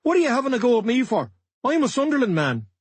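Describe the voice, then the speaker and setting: A man's voice: high voice, a little fast, dry recording, voice pushed up. A man voicing an angry, defensive middle-aged football coach who talks back sharply. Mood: indignant. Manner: indignant, sharp retorts.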